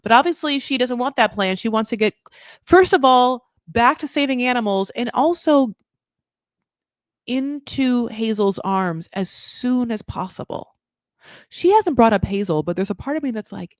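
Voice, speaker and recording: A woman hosting a comedic recap, chatty and animated, laughing often and acting out quotes. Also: on the high side, moderate pace, no room sound, studio quality. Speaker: comedic recap podcast host.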